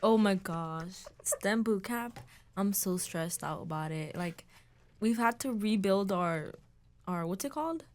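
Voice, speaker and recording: A woman's voice: mid-range voice, animated, measured pace, darkish tone. A teenage girl student talking about her program in a hesitant casual chat, with many fillers. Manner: hesitant, lots of ums and likes.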